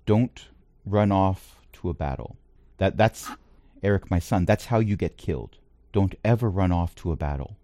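A stern, protective paladin father who leads the guard, as a man puts him on. He speaks firmly and earnestly in a lowish voice. The sound is close and dry. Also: lively intonation, normal speed, warm tone, dry recording. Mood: earnest pleading. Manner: firm, earnest pleading.

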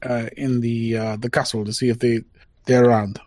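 A mid-pitched man from Puerto Rico chats casually as a player at a tabletop game. He hesitates and fills gaps with uhs. The sound is dry and close. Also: little pitch movement, normal speed, a little mellow, no room sound.

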